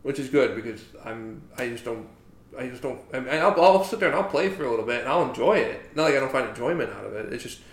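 A man co-hosting a podcast in casual chat, halting and repeating words as he gets sidetracked. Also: medium pitch, lively intonation, echoey room. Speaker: podcast co-host.

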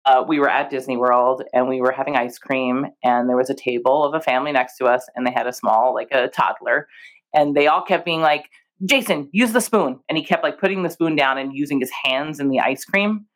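A woman's voice: extremely low pitch, fairly quick. A young adult woman co-hosting a podcast, telling stories in casual chat with frequent laughter and acted-out quotes. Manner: animated storyteller, laughs often, acts out quoted voices. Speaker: podcast co-host.

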